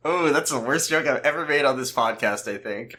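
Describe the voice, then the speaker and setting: A man's voice: medium pitch, sharp tone. A man co-hosting a podcast, chatting casually about a TV episode with rambling, self-mocking jokes. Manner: jokey, rambling, quick self-mocking asides. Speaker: podcast co-host. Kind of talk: casual chat recapping a TV episode.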